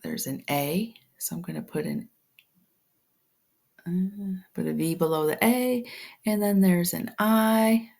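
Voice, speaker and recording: A woman teaching a phonics lesson step by step, patient and slow, often dropping to a whisper. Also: fairly low pitch, gravelly, a little mellow.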